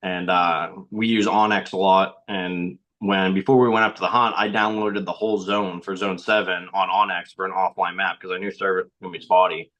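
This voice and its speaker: A man's voice: sits low, little pitch movement, normal speed, few pauses, a bit bright, poor audio. A young man, a podcast guest, telling a story in a plain, matter-of-fact way. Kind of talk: casual storytelling.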